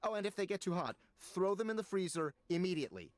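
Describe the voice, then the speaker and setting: An earnest scientist figure from a video game, giving hurried technical warnings. His voice is high, with faint noise in the background. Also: lively intonation. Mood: urgent. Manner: urgent, explanatory. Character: urgent tech scientist man, earnest and worried. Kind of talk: video game character dialogue.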